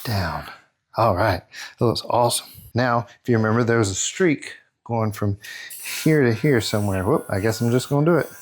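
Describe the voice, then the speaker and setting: A man's voice: lowish voice, normal speed, a little hiss or hum. Chatty man narrating his airbrush work. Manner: chatty, self-talk while working, counts out steps. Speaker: airbrush artist and tutorial host. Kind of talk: casual narrated painting tutorial.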